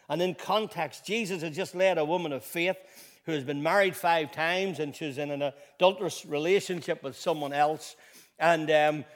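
A man's voice: fairly high pitch, big-room sound. A man preaching a sermon as pastor, moving from conversational storytelling with restarts to emphatic, rising declarations with repeated phrases.

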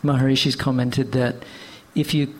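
A man's voice: mid-range voice, level tone, normal speed. A man interviewing in an easygoing way, with light jokes. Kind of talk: conversational interview.

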